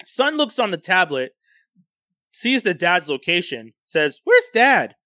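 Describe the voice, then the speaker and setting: A man casually retelling a show's plot to friends, animated and profane, breaking into laughter. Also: sits high, measured pace, no echo. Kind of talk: casual storytelling recap.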